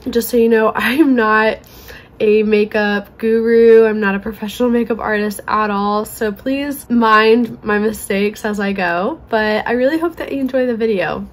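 A young woman chatting through a makeup tutorial, self-deprecating and giggly, a little hoarse. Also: a little high, moderate pace. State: slightly hoarse from allergies. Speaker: beauty vlogger. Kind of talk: casual makeup tutorial chat.

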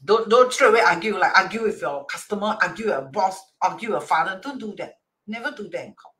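Singaporean teacher with a bright voice. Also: mid-range voice, expressive, fast. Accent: Singaporean English. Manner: acts out quoted dialogue, constantly checks with "right?"; mixes in Chinese and Hokkien words. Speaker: Chinese metaphysics teacher. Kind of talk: explaining a divination chart reading.

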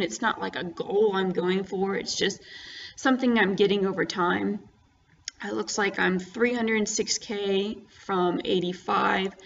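A woman's voice: medium pitch, fairly bright tone. A woman giving casual commentary over her own gameplay, chatty and full of fillers and restarts. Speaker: gaming vlogger. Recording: slightly dull audio with faint noise.

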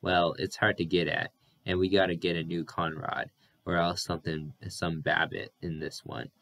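A brash young country man grumbles and defends himself, read by a man. The voice is low, and the rural phrasing stays blunt. It sounds like a storybook reading. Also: flat delivery, normal speed, gravelly, a bit bright, full character voice.

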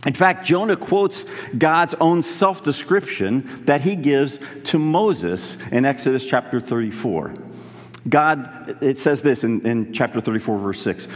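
A man's voice: mid-range voice, animated. Earnest male pastor in an echoing hall. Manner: earnest, conversational preaching with pauses on key words. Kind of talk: sermon.

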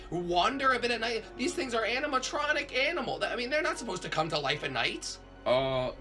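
A man voicing a jittery failed cop turned night guard in a hobby plush video, stammering and repeating himself in panic. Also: on the high side.

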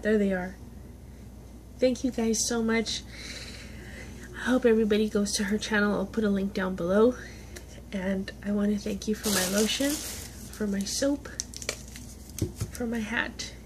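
A woman's voice: a little high, a little mellow, slight background noise. A woman, chatting casually on a vlog as she opens gifts, gushing, gasping and laughing. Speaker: vlogger. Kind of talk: casual unboxing chat.

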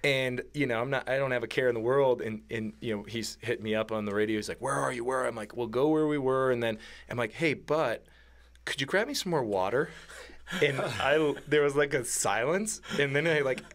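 A man casually telling a hunting story on a podcast, animated and laughing as he acts out what was said. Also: medium pitch, a little fast. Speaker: podcast guest.

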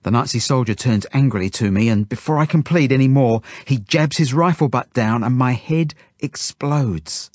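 A man reading a children's novel aloud in first person, with steady, intimate delivery. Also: medium pitch, moderate pace, hardly any pauses, dry recording, clean studio sound. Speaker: audiobook narrator. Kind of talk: first-person storybook narration.

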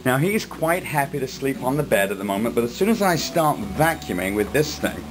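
A man's voice: medium pitch, very animated, brisk, faint music behind, low-quality recording. A man filming a casual home video, talking playfully to his dog indoors. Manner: playful, coaxing talk to a dog.

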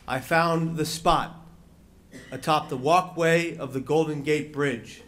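Man telling a dramatic story, fairly high voice. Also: steady tone, a bit bright. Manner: measured, dramatic storytelling with long pauses. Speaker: panel speaker. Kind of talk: personal story told to an audience. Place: conference room.

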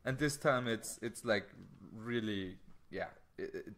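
A man's voice: lowish voice, a little slow, a bit bright. A man co-hosting a casual podcast about an old TV show, joking and laughing often. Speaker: podcast co-host. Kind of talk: casual chat.

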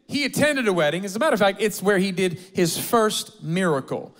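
High-voiced, energetic male pastor. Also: brisk, hardly any pauses. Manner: energetic, humorous, rallies the congregation. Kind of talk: sermon. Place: church auditorium.

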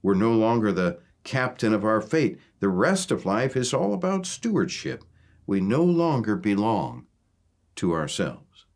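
Earnest, low-voiced man giving a devotional. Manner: earnest, measured, drawn-out emphasis on key words. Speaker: ministry leader presenting a devotional series. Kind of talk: devotional teaching.

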